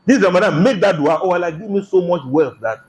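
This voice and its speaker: Animated preacher. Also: male voice, high-pitched, fast talker. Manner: animated, rhetorical questions, acts out quotes. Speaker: preacher giving Quran commentary. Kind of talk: Ramadan tafsir sermon.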